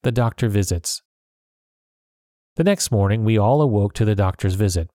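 A man narrating a storybook chapter in an even telling voice. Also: on the low side, normal speed, no echo, clean studio sound. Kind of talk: audiobook narration.

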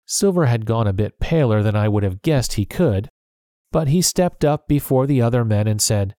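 A male narrator reading an adventure story in a measured, expressive manner. His voice sits at an ordinary middle pitch, and the recording is dry and close with no room echo.

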